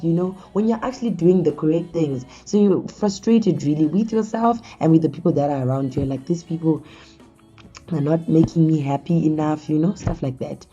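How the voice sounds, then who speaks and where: Woman host, low and very warm voice, easy conversational delivery to the audience, muffled recording with faint music behind. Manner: conversational, addresses listeners as guys. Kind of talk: casual talk show monologue.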